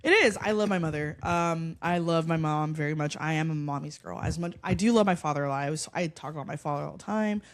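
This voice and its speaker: A woman's voice: deep voice, fast talker, few pauses. A young woman, a comedian, chatting casually as a podcast guest, brash and profane, telling stories from her life. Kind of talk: casual chat.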